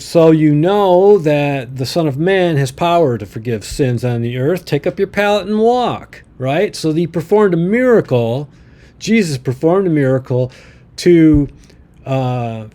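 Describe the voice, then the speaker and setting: A man with a slightly high voice talks through a Bible story as a casual teacher. He reads the verses aloud and breaks in with folksy, chuckling remarks. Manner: folksy, chuckling asides, lively verse reading. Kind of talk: casual Bible commentary reading scripture aloud.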